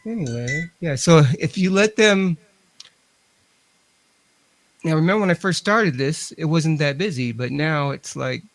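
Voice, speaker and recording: A man's voice: a little high, lively intonation, measured pace, vocal fry, pauses often. A man, chatting on a radio show as a ghost hunter and talking to spirits. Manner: talks to spirits and equipment, chatty. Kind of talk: casual radio show chat.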